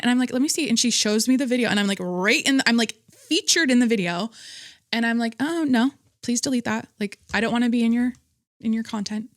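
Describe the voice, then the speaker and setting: A woman hosting a podcast, telling a story in a blunt, profane, animated monologue. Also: a little high, a little fast, dry recording, clean studio sound. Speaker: podcast host. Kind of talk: casual monologue.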